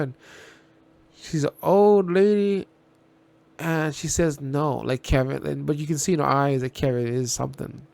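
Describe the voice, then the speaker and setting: Gravelly man rambling through a TV reaction. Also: a little high, a little mellow, no echo. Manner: rambling, restarts and repeats himself, blunt with swearing. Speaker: reaction video host. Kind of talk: casual spoken TV reaction.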